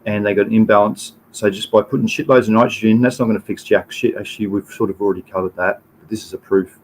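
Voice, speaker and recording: A man's voice: on the low side, steady tone, fast, slight background noise, poor audio. An Australian man in his fifties hosting a casual livestream, talking through slides in a rambling way, chatting to viewers and swearing casually. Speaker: livestream host.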